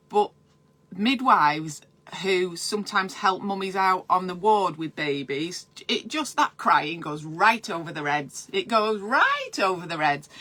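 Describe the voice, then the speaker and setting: A woman's voice: mid-range voice, sharp tone. A woman, a midwife, giving breastfeeding advice in a live stream from home, chatty and digressive and breaking off to answer viewer comments.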